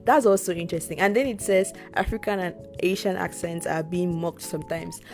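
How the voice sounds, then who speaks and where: Nigerian woman, low voice, emphatic repeats. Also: fairly even intonation, a little fast, a little mellow, soft background music. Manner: reflective, repeats words for emphasis, laughs often. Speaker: podcast co-host. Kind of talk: casual chat.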